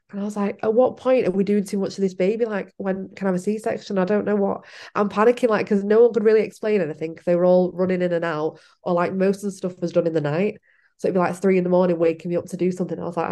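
A woman's voice: medium pitch, steady tone, fast talker, mellow. A young woman, telling her own story in a casual interview, laughing often and acting out what she said back then. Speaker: podcast guest.

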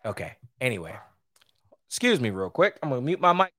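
A man hosting his own podcast, giving heated, opinionated solo commentary that swings between loud outbursts and low asides. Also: sing-song, a little fast, no room sound. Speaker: podcast host.

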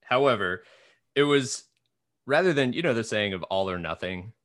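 Low-voiced guy hosting a chat, hypes people up, calls everyone man, dry sound. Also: expressive, moderate pace, fairly bright tone, dry recording. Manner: encouraging, motivational, says "man" often. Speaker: podcast host. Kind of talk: casual interview chat.

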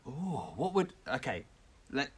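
A man's voice: mid-range voice, sing-song, unhurried, slightly rough. Rambling male co-host reading comments. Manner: rambling with restarts, reads out listener comments. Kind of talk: casual chat.

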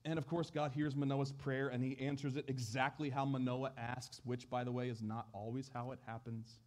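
A man preaching a sermon in a church, telling a story with animated delivery. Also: mid-range voice, moderate pace, hardly any pauses. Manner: animated storytelling, acting out voices. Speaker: pastor.

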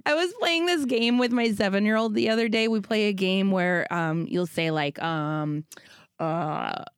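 A woman's voice: mid-range voice, a little slow, clear, resonant tone, no room sound, studio quality. A woman in her thirties, a parent, chatting casually and acting out her own lines as she tells stories. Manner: animated storytelling, swears, acts out her own voice. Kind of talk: casual chat.

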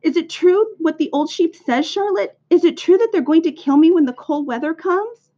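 A woman reading a storybook aloud, voicing a timid young male pig who pleads in a high, squealing voice. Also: wildly swooping pitch, unhurried, husky, exaggerated voice. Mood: panicked. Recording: dull lo-fi recording.

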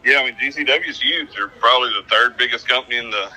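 A man's voice: mid-range voice, fast, bright, forceful tone, low-quality recording. A man co-hosting a casual podcast, blunt and joking. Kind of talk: casual chat.

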